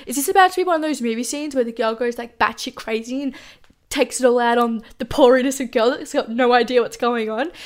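A young woman casually telling a personal story, chatty, swearing freely and saying "like" often. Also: high-pitched.

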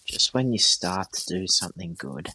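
A man leaving a listener voice message, bitter and deadpan in a mocking, profane rant. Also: low voice, moderate pace, background noise.

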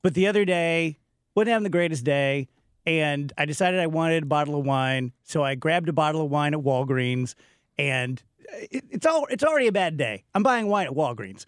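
A man chatting casually as a co-host, telling stories in an animated, self-mocking way. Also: fairly high pitch, moderate pace, smooth, no echo, clean studio sound. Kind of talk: casual chat.

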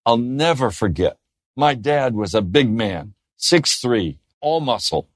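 A man preaching a sermon in an earnest way, often dropping to a soft, gentle tone. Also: medium pitch, expressive, takes it slowly, dry recording, studio quality. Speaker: pastor.

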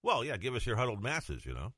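Bright, quipping radio co-host man. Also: medium pitch, sing-song, no echo, clean studio sound. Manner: agreeable sidekick, quick quips. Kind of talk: casual radio banter and announcing.

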